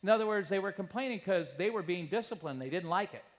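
A middle-aged man preaching in a church sanctuary, his voice riding high and swinging widely in pitch. He acts out the people he quotes. Long reverb trails after each phrase. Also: expressive, fast talker. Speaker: pastor. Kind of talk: sermon.

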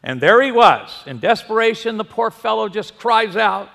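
A male pastor with a high, gravelly voice delivers a sermon in a church. He tells stories in a folksy way and puts questions to his listeners. Long reverb from the hall trails each phrase. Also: lively intonation, normal speed, sharp tone. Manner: folksy storyteller, asks the congregation questions. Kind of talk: sermon with storytelling.

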